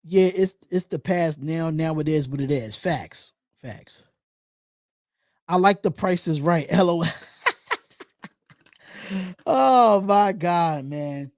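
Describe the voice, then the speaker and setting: A man's voice: fairly high pitch, lively intonation, slow, long pauses, darkish tone, dry recording, clean studio sound. A man hosting a casual live fan podcast, reading viewer comments aloud and repeating his points in loose, chatty speech. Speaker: podcast host. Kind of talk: casual live-stream chat.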